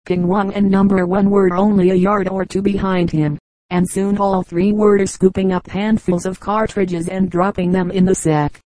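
A woman narrating an adventure novel in a steady, even reading that also voices the dialogue. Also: medium pitch, normal speed, no echo, poor audio. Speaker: audiobook reader. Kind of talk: scripted narration.

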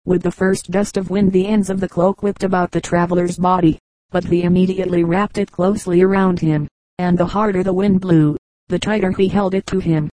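A woman reading children's fables aloud in a measured, steady storybook narration. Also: fairly low pitch, no echo, poor audio. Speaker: audiobook reader.

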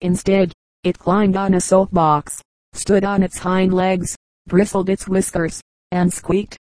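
A woman reading an audiobook in a measured, even narration. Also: mid-range voice, no room sound, rough recording. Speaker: audiobook reader. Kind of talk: scripted narration.

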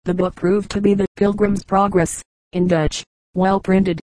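A woman reading a history book aloud as an audiobook narrator in a measured, even storytelling manner. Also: mid-range voice, dry recording, rough recording. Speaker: audiobook reader. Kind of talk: scripted narration.

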